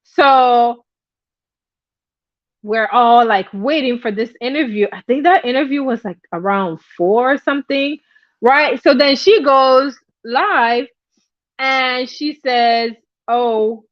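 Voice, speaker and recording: A woman's voice: fairly high pitch, slow, dry recording, lo-fi sound. A woman giving casual, chatty gossip commentary, dropping in asides as she tells the story. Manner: chatty, animated, drops in asides like "right?". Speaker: commentary YouTuber.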